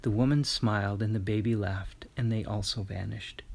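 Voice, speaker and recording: A man narrating a storybook tale in a gentle, measured way. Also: on the low side, steady tone, creaky, slightly rough.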